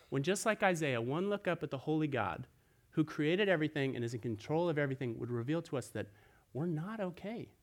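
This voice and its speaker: A man delivers a sermon in an earnest, explanatory way. His voice sits a little higher than most men's, and his loudness swells and drops as he drives his points home. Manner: earnest, explanatory preaching with lively swings in loudness. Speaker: pastor.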